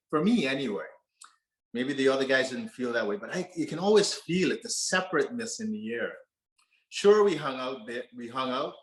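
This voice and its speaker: A man's voice: medium pitch, fairly bright tone. A man giving a personal storytelling talk from a stage, earnest and conversational, laughing now and then. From Canada. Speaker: speaker. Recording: roomy auditorium echo.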